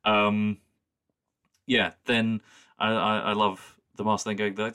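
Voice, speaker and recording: Bright-voiced low man chatting enthusiastically. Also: little pitch movement, slow pace, clean tone. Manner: enthusiastic, quotes lines in a put-on voice. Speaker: podcast co-host. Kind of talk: casual chat.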